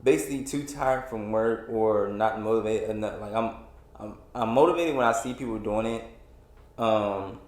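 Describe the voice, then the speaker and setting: A man's voice: on the low side, darkish tone, echoey room. Frustrated man in his twenties, rambling. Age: 20s. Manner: rambling, frustrated, with many restarts and fillers. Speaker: podcast host. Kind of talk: casual solo podcast rant.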